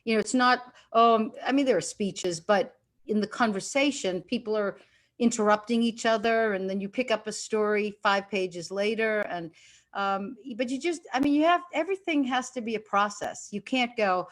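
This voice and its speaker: Candid woman in her sixties, animated. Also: mid-range voice. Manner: candid, animated storytelling with quick asides. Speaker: guest actress. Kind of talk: casual interview chat.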